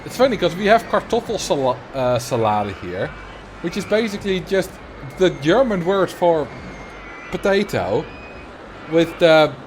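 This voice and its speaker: A man's voice: fairly high pitch, very animated, measured pace, a little hiss or hum. A man with a Dutch accent giving casual, joking commentary while livestreaming a game. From Netherlands. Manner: chatty, laughs often, jokes about words.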